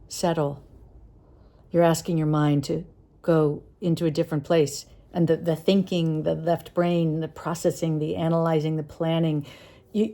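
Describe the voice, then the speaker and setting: A woman thinks aloud in a slow, unhurried vlog monologue. Her voice is low, mellow and gravelly, and she pauses often with soft fillers as she searches for words. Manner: musing, hesitant, many pauses and fillers. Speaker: vlogger. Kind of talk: reflective spoken monologue.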